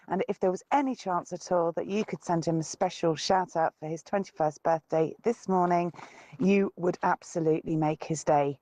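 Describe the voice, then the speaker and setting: A mother calls in to a radio show with a polite, friendly request. Her voice sits a little low for a woman, and the sound is close and dry with no room around it. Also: mellow, no room sound. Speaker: caller, mother. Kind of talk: phone-in message.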